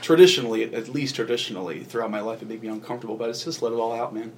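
A man's voice: mid-range voice, rapid-fire. A man guest on a talk show earnestly telling his own story, often repeating himself and restarting sentences. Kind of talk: personal testimony in conversation.

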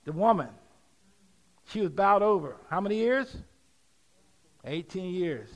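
A middle-aged man preaching a sermon, leading call-and-response and rising to shouts. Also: high-pitched, lively intonation, a little slow. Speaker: pastor.

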